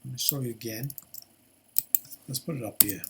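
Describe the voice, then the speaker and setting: Background noise accompanies an older male programming tutor as he gives a casual coding lesson recorded from his screen. He thinks aloud with many fillers and restarts, speaking a little fast in a medium-pitched voice with vocal fry.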